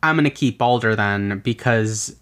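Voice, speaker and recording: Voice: medium pitch, normal speed, fairly bright tone, voice pushed down, close to an everyday voice. A podcast host voicing Hel as a flippant, dismissive goddess of the underworld.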